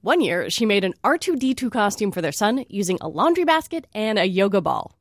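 A woman's voice: mid-range voice, sing-song, fairly quick, no room sound. A woman hosting a radio interview show in a studio, friendly and lightly teasing with her callers.

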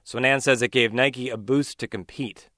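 A man's voice: medium pitch, fairly even intonation, moderate pace, pushed and bright, dry recording, clean studio sound. Male radio news reporter.

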